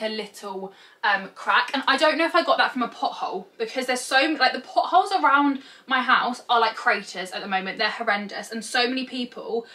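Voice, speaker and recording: A woman's voice: a little high, sharp tone, distant mic. A young woman vlogging, telling a story in a chatty way with lots of fillers and quoted dialogue. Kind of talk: casual storytelling vlog.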